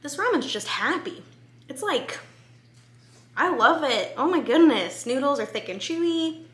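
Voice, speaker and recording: A woman's voice: high-pitched, big pitch swings, measured pace, fairly bright tone. A woman food vlogger, bubbly and enthusiastic, giving a casual review of a dish at home in her kitchen.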